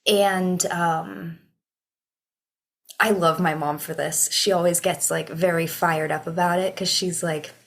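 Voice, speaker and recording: A woman co-hosts a casual podcast discussion, working through her thoughts slowly and carefully. Her voice sits a little low, and she leaves long pauses filled with ums and likes. The delivery is relaxed and reflective. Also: vocal fry. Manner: unhurried, thoughtful, lots of fillers. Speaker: podcast co-host.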